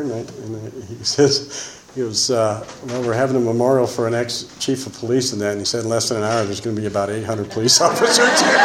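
A man's voice: mid-range voice, expressive, brisk, fairly bright tone, echoey room, a little hiss or hum, poor audio. Rambling man telling his recovery story. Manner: rambling, full of "man" and "you know". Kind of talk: personal testimony.

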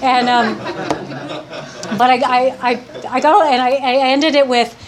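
A woman's voice: sits high, steady tone, a little slow, crowd noise. A woman giving a heartfelt personal testimony to a live audience, rambling with many restarts. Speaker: speaker sharing her recovery story.

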